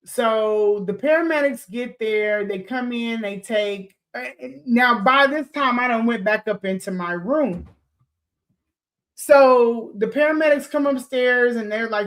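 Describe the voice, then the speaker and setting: A woman in her forties hosting a podcast, telling a personal story in a loose, animated way, swearing freely and acting out what people said. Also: a little high, unhurried. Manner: animated, swears freely, laughs, acts out quotes. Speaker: podcast host. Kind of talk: casual storytelling to listeners.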